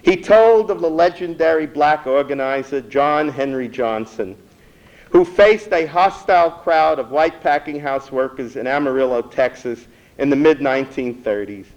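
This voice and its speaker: A man reading a prepared history talk in a measured, earnest way, with a few stumbles. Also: on the high side, a little mellow, lo-fi sound. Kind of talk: read lecture.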